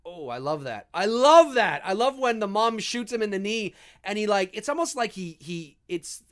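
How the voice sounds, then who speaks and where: A man hosting a live movie commentary, talking in an animated, enthusiastic and rambling way. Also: sits high, normal speed, clean tone. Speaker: host.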